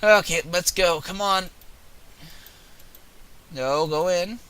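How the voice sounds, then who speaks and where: A young man giving casual, profane, excitable commentary while playing a video game. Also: high-pitched, takes it slowly, clear, resonant tone. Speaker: gaming video host.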